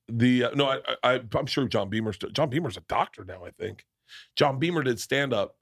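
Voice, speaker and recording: A man's voice: mid-range voice, animated, moderate pace. A man from the American South who hosts a podcast and tells rambling, profane stories in casual chat, often restarting his sentences. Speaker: podcast host.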